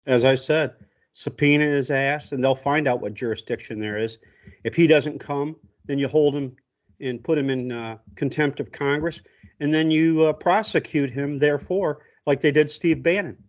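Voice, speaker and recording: A man's voice: fairly high pitch, normal speed. Blunt indignant man ranting. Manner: blunt, indignant, curses freely. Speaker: co-host. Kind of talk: casual political chat.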